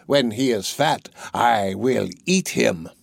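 A man's voice: mid-range voice, slow pace, creaky, dry recording, clean studio sound, full character voice. A man voicing a wicked old witch, mocking and menacing. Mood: commanding.

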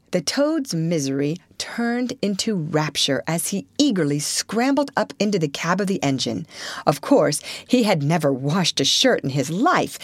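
A woman narrating a classic children's story aloud in an expressive reading. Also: on the low side, no echo, clean studio sound. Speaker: audiobook narrator.

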